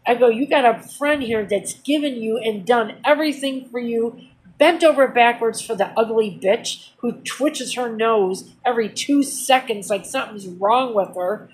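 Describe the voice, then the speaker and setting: In a roughly recorded casual vlog, a woman with a voice on the high side rants about something that happened to her. She sounds aggrieved and heated, talking bluntly, repeating herself and cursing freely in everyday language.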